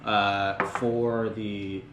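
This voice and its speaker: Deep-voiced man rambling in casual chat. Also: level tone, extremely slow. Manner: rambling, many fillers, retelling band history. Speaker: podcast host. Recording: echoey room with background noise.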